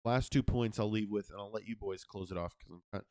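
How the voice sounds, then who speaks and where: A man's voice: on the low side, a little fast, mellow, no room sound, studio quality. A man co-hosting a casual podcast chat, loose and profane, steering the talk with a slightly tired throat. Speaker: podcast co-host.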